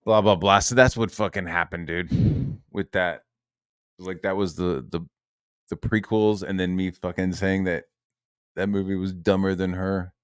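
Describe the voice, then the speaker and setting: A man's voice: sits low, flat delivery, unhurried, clean tone, dry recording, studio quality. A man ranting in a heated, profane and sarcastic monologue. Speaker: online commentator.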